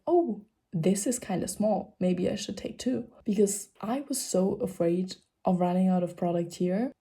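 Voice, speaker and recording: Young woman vlogger, German accent, mellow tone, rambling and casual. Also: lowish voice. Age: young adult. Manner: chatty, rambling, informal. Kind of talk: casual vlog chat.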